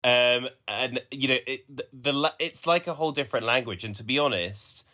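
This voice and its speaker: A man's voice: medium pitch, normal speed, pushed and bright. A man from the Black Country chatting as a podcast co-host. He rambles and often restarts his sentences. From Black Country, England. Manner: rambling, with many restarts and fillers. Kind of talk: casual chat.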